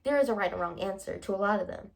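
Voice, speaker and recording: A young woman vlogging in a casual, animated way, playfully acting out both sides of her conversations. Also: mid-range voice, very fast, creaky. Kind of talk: casual chatty vlog monologue.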